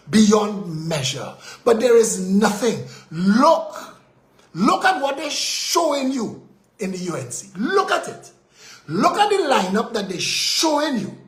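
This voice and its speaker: Fiery Trinidadian man ranting, echoey room. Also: sits high. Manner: indignant, fiery, full of rhetorical questions, sometimes shouting. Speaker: host of a live political talk show. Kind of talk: ranting political commentary.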